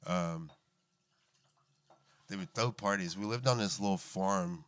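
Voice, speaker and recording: Laughing through his anecdotes and cursing often, a relaxed guest in his thirties shares life stories in a casual chat. He speaks unhurriedly in a deep, fairly bright voice, recorded with no room sound.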